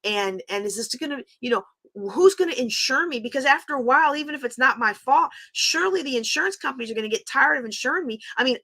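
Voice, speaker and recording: A middle-aged woman talks candidly to her viewers on a livestream. Her voice sits a little high and sounds bright and forceful. She speaks with open emotion in a casual way. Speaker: host.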